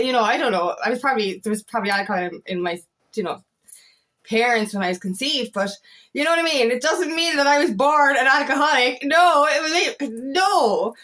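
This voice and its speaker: A woman's voice: high voice, lively intonation, normal speed, a bit bright. Passionate swearing Irish woman. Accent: Irish, Kerry. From Ireland. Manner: passionate, swears often, apologizes and laughs. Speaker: feminine empowerment coach. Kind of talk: casual spiritual vlog monologue.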